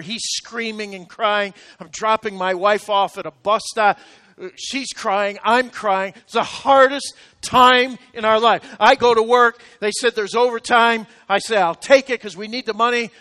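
A middle-aged man preaching a sermon, telling a personal story, swinging from quiet confessional asides to loud exclamations. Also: high voice. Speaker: pastor. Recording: long hall reverb.

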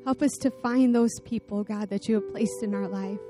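With music playing in the background, a woman preaches at a moderate pace in a mid-range voice. She energetically tells stories and rallies her listeners before closing in prayer.

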